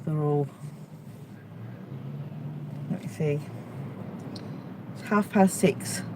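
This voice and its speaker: A woman's voice: deep voice, extremely slow, noisy background. A middle-aged woman, a stand-up comedian, chatting casually and playfully to viewers on a live stream from a city street, talking into a phone held at arm's length. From Australia.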